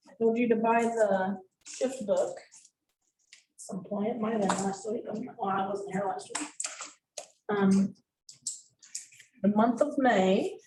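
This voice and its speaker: A woman leading a group coaching session, animated and acting out gestures and little voices as she explains. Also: medium pitch. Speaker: sales coach. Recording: echoey room, mic far off, faint noise.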